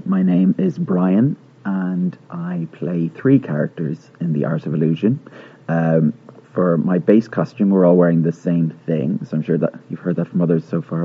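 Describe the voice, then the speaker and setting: A man's voice: deep voice, breathy edge. A man with a Dublin accent, a stage actor presenting his costumes in a friendly way with hesitant fillers. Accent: Dublin Irish. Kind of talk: introducing his costumes to an audience. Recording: tinny phone-like sound.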